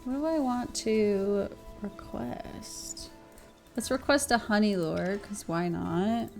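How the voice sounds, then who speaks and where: A woman's voice: medium pitch, slow pace, creaky, soft background music. A woman streaming a game live, chatty and giggly, talking to her viewers and swearing now and then. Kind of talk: casual chat while gaming on stream.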